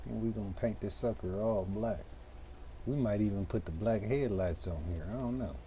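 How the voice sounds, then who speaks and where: A man's voice: fairly low pitch, moderate pace, warm tone, a little hiss or hum. A man from Detroit, casually chatting with viewers while playing a farming game on a live stream, slangy and laid-back. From Detroit, USA.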